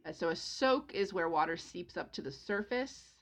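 A woman co-hosting a casual book discussion, retelling the story with lively quoted asides. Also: lowish voice, normal speed. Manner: animated retelling with voiced quotes of characters. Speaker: podcast co-host recapping a novel.

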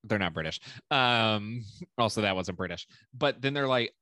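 A man's voice: mid-range voice, lively intonation, normal speed, sharp tone, dry recording. A young man in casual movie chat, laid-back with jokey asides.

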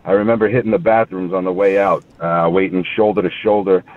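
A man's voice: deep voice, fairly even intonation, fast talker, recorded from a distance. A young man with a Long Island accent leaving a rambling voicemail story, full of fillers. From Long Island, New York. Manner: chatty storytelling with many fillers. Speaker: voicemail caller. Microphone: phone. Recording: tinny phone line.

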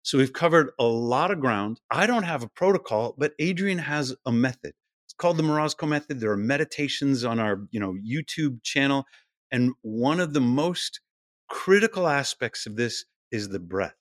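A middle-aged man talks as a podcast guest, his pitch swinging up and down with real liveliness. The recording is close and dry, with almost no room sound around him. He explains eagerly and slips into little acted-out voices when he quotes someone. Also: lively intonation, moderate pace, dry recording. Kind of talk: explanatory interview talk.

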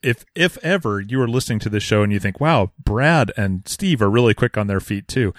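A man's voice: on the low side, animated, fairly quick, no echo, clean studio sound. A man co-hosting a podcast, joking and teasing with mock-grumpy remarks in casual chat about music. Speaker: podcast co-host.

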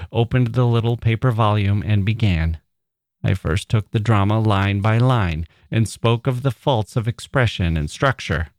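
A man reads an old short story in a measured, steady way. His voice is low and the recording is close and dry. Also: no room sound. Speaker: podcast host reading a short story. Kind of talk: literary story reading.

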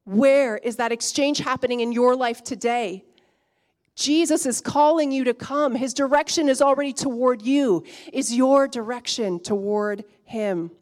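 A woman pastor preaching a sermon, swinging from hushed, intimate lines to emphatic, rising ones. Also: on the high side, unhurried.

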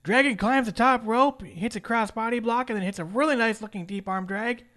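Casting: high-pitched male podcast co-host, brisk recap delivery, dry jokes. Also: sharp tone. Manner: brisk play-by-play recap with joking asides. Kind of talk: casual wrestling recap chat.

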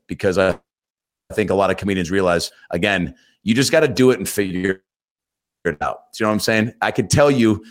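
Lower-pitched man telling stories animatedly. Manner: animated storyteller, acts out quotes. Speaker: comedian and actor, podcast guest. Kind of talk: casual interview storytelling.

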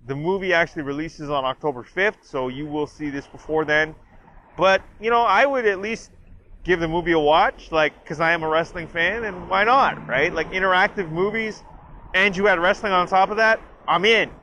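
A man's voice: sits high, normal speed, bright, forceful tone, a little hiss or hum. A man casually reviewing a trailer as a wrestling fan, talking loosely with lots of filler words. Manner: rambling, heavy use of fillers like "like" and "you know". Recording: dull lo-fi sound.

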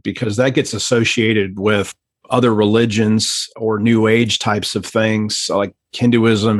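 A man's voice: on the low side, no echo. A man earnestly telling an emotional personal story as a podcast guest, then explaining a prayer practice. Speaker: podcast guest, pastor trainer. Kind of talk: conversational storytelling.

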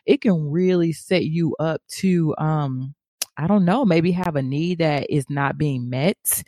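A woman co-hosting a casual chat, animated and slangy, quick to laugh. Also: low voice, no room sound, studio quality.

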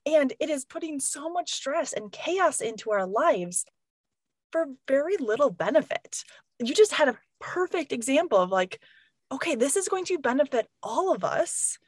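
A woman's voice: high voice, moderate pace, no room sound. A woman in her thirties, a mother of three and a professor, chatting casually and acting out what others say, laughing often. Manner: animated, acts out quoted voices, laughs often. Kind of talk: casual chat.

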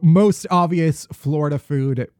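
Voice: mid-range voice, slow, a little mellow, no room sound, studio quality. A podcast host with a Midwestern American accent, talking in a sarcastic, ranting way about odd news. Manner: sarcastic, ranting, lots of restarts. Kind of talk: casual comedic news chat.

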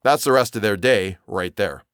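A man narrating a horror story as a podcast host, measured and expressive. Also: on the low side, clear, resonant tone, no echo, clean studio sound.

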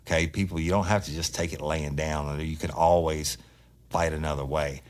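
A man with an extremely deep, low voice and a drawl, hosting a true-crime podcast. He talks in a loose, blunt monologue, swearing freely and sounding fired-up. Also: steady tone, moderate pace. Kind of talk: casual monologue storytelling.

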